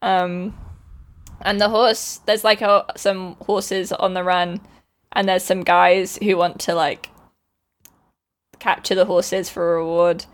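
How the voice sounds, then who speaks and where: A woman's voice: on the low side, little pitch movement, slow pace, long pauses. A woman co-hosting a podcast, telling a story in a loose, rambling way. She fills her talk with "like" and "um" and laughs often. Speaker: podcast co-host. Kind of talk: casual chat, retelling a book.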